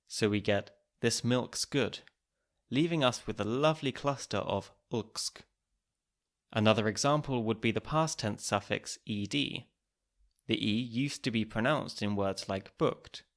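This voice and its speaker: A man hosting a podcast, reading scripted narration in a clear, measured, explanatory way. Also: on the low side, a bit bright. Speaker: podcast host.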